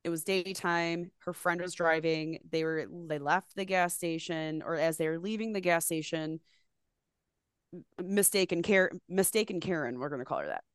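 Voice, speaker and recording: A woman's voice: lowish voice, normal speed, clean tone, dry recording. Rambling, profane woman storyteller, dry sound. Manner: rambling, profane, animated retelling with restarts. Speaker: podcast co-host. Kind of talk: casual storytelling chat.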